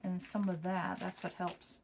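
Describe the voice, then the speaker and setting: A woman's voice: lowish voice, little pitch movement, measured pace, darkish tone, slight background noise. Chatty woman crafting at home. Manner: chatty, folksy, addresses viewers as y'all. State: tired, yawning. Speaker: craft vlogger. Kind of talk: casual craft tutorial chat. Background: crinkling plastic and clicks.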